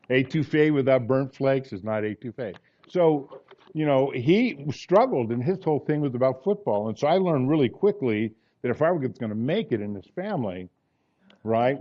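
A man's voice: mid-range voice, highs cut off. A man in his sixties preaching a sermon, telling personal stories and acting out the dialogue in them with earnest conviction. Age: 60s.

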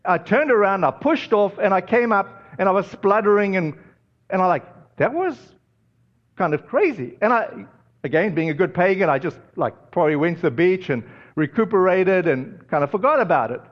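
Pastor, male, high-pitched, casual storytelling sermon, slightly muffled audio. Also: lively intonation, normal speed. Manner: conversational, storytelling with many fillers.

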